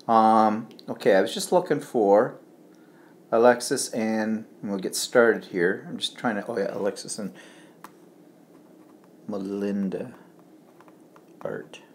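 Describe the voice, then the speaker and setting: A man's voice: lowish voice, takes it slowly, long pauses, slight background noise. A middle-aged man co-hosting a casual live stream, rambling as he reads viewer comments and trips over place names. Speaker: livestream co-host.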